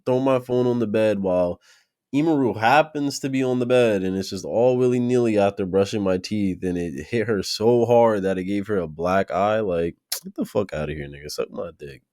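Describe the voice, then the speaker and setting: A man streaming a reaction, talking to his chat in slangy, profane, animated bursts. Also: on the low side, moderate pace, dry recording, clean studio sound. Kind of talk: casual reaction commentary.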